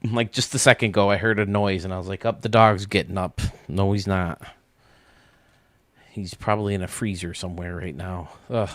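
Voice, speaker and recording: A man with a lowish voice chats casually on a gaming stream, thinking aloud and rambling between ideas. He laughs often. The sound is dry and close to a desk mic. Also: steady tone, moderate pace, no echo. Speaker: streamer and game designer host.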